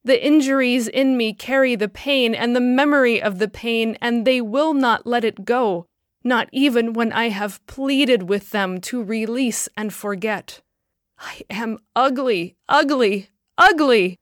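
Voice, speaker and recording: A woman's voice: fairly high pitch, a little slow, no room sound, studio quality, lightly acted. A woman voicing a scarred, weary woman who pleads in anguish, read in a storybook telling.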